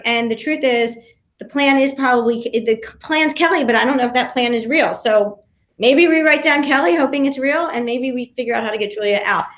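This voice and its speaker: A woman guest on a podcast, telling a story in an animated way, with many restarts and acted-out quotes. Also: sits high, echoey room. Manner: talks fast with many restarts and fillers, acts out quotes. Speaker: podcast guest, reality show contestant.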